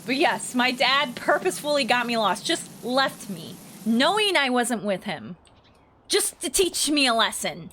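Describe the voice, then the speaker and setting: A woman's voice: measured pace, slight background noise, rough recording. A young woman with a Midwestern accent, telling a story to her stream while playing, and her voice leaps up when she is exasperated. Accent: Midwestern American. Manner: animated, jumps high when exasperated. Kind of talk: casual storytelling while gaming.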